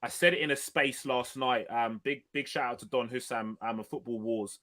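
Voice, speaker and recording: A man's voice: mid-range voice, normal speed, sharp tone. A man co-hosting a football podcast, talking emphatically and swearing freely in casual chat. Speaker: podcast co-host.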